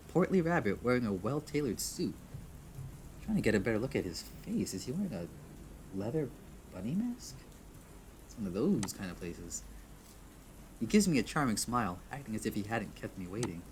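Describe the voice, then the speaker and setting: A man with a fairly low voice reads the text of a visual novel aloud. He often trips over words, restarts his lines and chuckles at his own slips. A faint background hiss sits under the whole recording. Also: big pitch swings, a little fast. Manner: stumbles, restarts, chuckles at himself. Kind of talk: reading game text aloud with asides.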